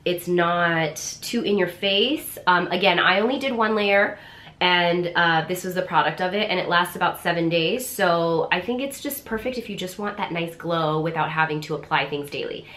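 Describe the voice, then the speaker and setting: Stuffy-nosed woman vlogging, lowish voice. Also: normal speed, roomy sound. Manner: chatty, relaxed, lots of fillers like "like" and "um". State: sick with a nasal, stuffy voice. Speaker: beauty vlogger. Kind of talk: casual how-to vlog.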